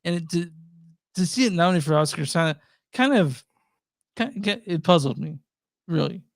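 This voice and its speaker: A gravelly, fairly high-pitched man from Texas co-hosts a casual movie chat. He stumbles and repeats words, recorded close and dry. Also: lively intonation, no echo. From Texas and Louisiana. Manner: halting, repeats words, chuckles often. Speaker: movie review podcast co-host.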